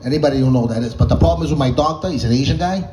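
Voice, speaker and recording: A man's voice: medium pitch, racing, noisy background. Man, stand-up comic from the North End, loose profane storyteller, slightly out of it. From Boston North End. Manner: rambling, profane, laughing at own jokes. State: groggy on antihistamine. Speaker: stand-up comedian.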